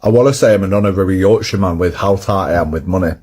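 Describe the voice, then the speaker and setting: A man with a Lancashire accent talks straight to camera in a blunt, dry, matter-of-fact way. His voice sits very low and has a husky, breathy grain to it. It is casual social-video chat. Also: quick pace, a little mellow. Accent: Lancashire English. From Lancashire, England. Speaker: TikTok creator.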